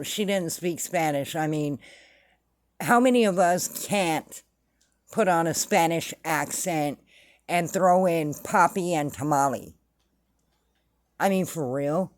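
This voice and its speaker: A woman's voice: lowish voice, no echo. A woman hosting casual true-crime commentary, blunt and sarcastic. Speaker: commentary host.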